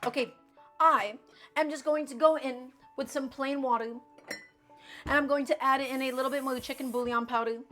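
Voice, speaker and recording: A woman's voice: sits high, steady tone, normal speed, a bit bright, faint music behind. Chatty woman cooking on a live stream. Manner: chatty, encouraging, talks viewers through each step. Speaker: home cook streaming a cooking show. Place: home kitchen.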